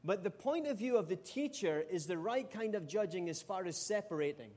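A middle-aged Scottish man from Scotland, preaching a sermon with animated, humorous storytelling. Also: high-pitched, brisk. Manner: animated, humorous storytelling with sudden loud outbursts. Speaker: pastor.

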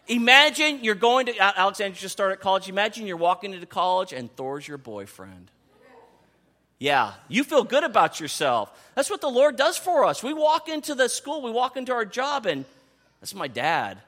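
Bright-voiced animated male preacher. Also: high-pitched, moderate pace. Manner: animated, conversational preaching with sudden soft asides. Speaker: pastor. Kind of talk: sermon.

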